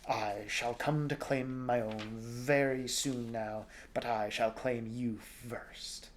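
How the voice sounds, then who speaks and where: A man reading aloud, voicing a menacing insect-like male monster in a slow, drawn-out snarl. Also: mid-range voice, fairly even intonation, a little hiss or hum, close to an everyday voice. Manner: slow, drawn-out, looming delivery.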